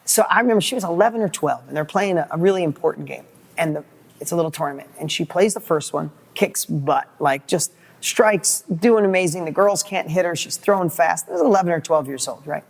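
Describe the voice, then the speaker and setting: A middle-aged man, a guest in an interview, telling a motivational story with lively, acted-out dialogue and quick repeated words. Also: a little high, gravelly. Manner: animated, acts out quoted dialogue, repeats words when excited.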